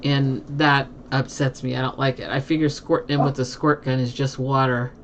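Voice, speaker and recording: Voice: mid-range voice, flat delivery, moderate pace, very noisy. A live streamer chatting casually with viewers from a home desk, laughing often.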